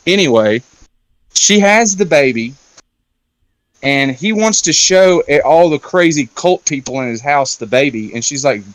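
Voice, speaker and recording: Chatty man recounting a film plot, fillers and casual swearing, fairly high voice, dry close sound. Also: expressive, takes it slowly, pauses often, no echo. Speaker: round-table discussion guest.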